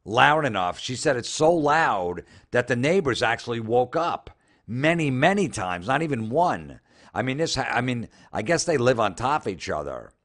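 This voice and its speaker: A man's voice: medium pitch, sing-song, moderate pace, a bit bright. A man doing comedic commentary as he reads social media posts aloud, sarcastic and incredulous, with frequent swearing. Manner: sarcastic, incredulous, profane ranting. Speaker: comedian host.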